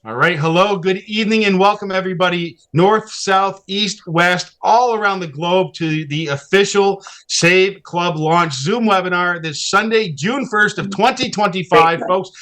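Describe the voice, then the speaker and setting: Upbeat guy in his 50s hosting a zoom webinar, kinda high voice, rattling off places and shout-outs. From Massachusetts. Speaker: webinar host. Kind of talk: welcoming attendees on a live video call. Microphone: video call.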